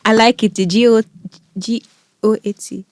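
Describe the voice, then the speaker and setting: A woman's voice: on the high side, normal speed. A young woman from Nigeria, with a Nigerian accent blended with British, chatting casually as a podcast guest and acting out the voices she quotes. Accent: Nigerian with a British overlay. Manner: animated storyteller, acts out quoted voices. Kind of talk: casual chat.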